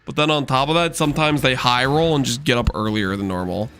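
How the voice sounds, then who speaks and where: A man's voice: mid-range voice, a little fast, noisy background. A man streaming a video game, chatting casually and rambling with lots of fillers while joking with his chat.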